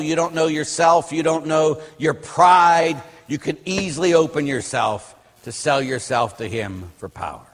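A middle-aged Catholic priest from Pittsburgh giving a sermon, rambling through personal stories with restarts and asides. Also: male voice, fairly high pitch. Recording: hall reverb.

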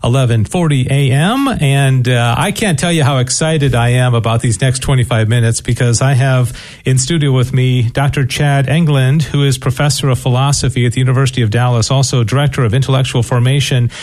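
Enthusiastic radio interview host. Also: male voice, medium pitch, steady tone, fairly quick, darkish tone. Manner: friendly, enthusiastic, with fillers and repeats. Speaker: radio host and station director.

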